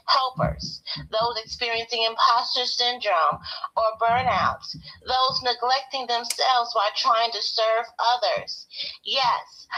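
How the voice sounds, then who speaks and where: A woman's voice: bright, forceful tone, rough recording. A woman guest, a therapist, giving an upbeat, rehearsed introduction of herself over a remote call. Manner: upbeat, declarative pitch. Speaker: guest, therapist and business owner.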